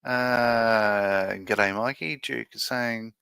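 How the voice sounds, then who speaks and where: Male streamer, gravelly, hesitant and musing, dry close sound. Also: medium pitch, steady tone, extremely slow, pushed and bright, no room sound. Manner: musing, hesitant, many fillers and restarts. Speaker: livestream host building a model ship. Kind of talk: casual live-stream chat.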